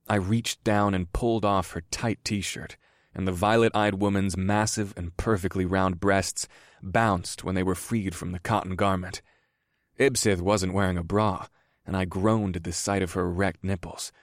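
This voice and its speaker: A man narrating a first-person audiobook in a slow, measured reading. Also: deep voice, no room sound, studio quality.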